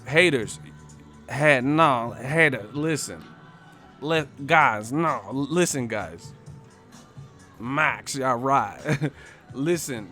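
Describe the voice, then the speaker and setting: A man's voice: mid-range voice, expressive, very slow, pauses often, bright, forceful tone, soft background music. A man hosting a boxing live stream, talking casually and profanely to his viewers with lots of jokes and asides. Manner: loose, profane, joking, talks straight to viewers. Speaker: boxing channel host.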